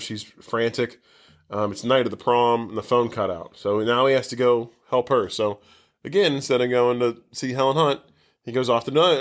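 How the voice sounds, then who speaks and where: Rambling, cursing man recapping a film. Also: mid-range voice. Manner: rambling, swears freely, heavy use of "like". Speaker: podcast co-host. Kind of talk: casual movie recap chat.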